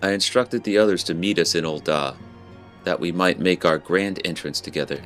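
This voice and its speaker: A man reading the lines of a solemn young noble scholar from a game, in a formal, measured way. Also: low voice, fairly bright tone, faint music behind. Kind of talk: reading game dialogue aloud.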